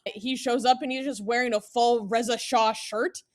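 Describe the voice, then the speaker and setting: A woman's voice: on the high side, fairly even intonation, normal speed, no room sound, clean studio sound. A young woman calling in, telling amused stories in a chatty, casual way full of fillers. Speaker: caller. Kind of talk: casual storytelling.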